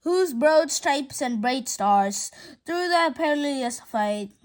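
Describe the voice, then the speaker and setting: A woman with a very high voice reads a comic audiobook aloud. She is playful and reads each sound effect aloud. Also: animated, takes it slowly. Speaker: audiobook reader.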